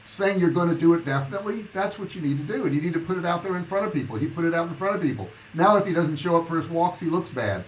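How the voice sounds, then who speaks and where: A man's voice: a little high, animated, quick pace, hardly any pauses, a little hiss or hum, rough recording. A man in his sixties, an online business coach, talking casually and bluntly on a livestream, encouraging viewers and answering their comments. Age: 60s. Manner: blunt, motivational, reads viewer comments aloud.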